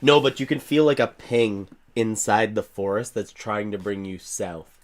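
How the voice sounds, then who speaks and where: A man's voice: on the low side, steady tone, moderate pace. A man narrating as game master of a tabletop game, describing scenes casually with fillers.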